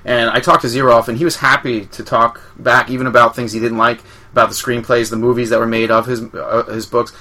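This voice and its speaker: Easygoing guy hosting a chat, bright tone, laughs a lot. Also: medium pitch, level tone, fairly quick, hardly any pauses. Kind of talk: casual chat.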